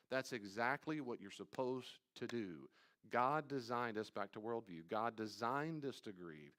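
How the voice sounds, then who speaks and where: A man's voice: lowish voice, unhurried. Conversational man teaching a church study. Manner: conversational, playful asides, bursts into loud acted quotes. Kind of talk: live teaching talk on anxiety. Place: church room with live audience.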